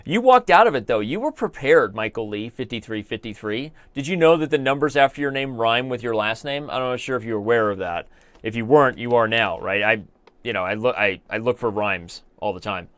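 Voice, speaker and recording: A man's voice: medium pitch, fairly quick, fairly bright tone, smooth, dry recording. An American man commentating his live online chess games, joking and rambling as he talks to viewers in the chat. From United States.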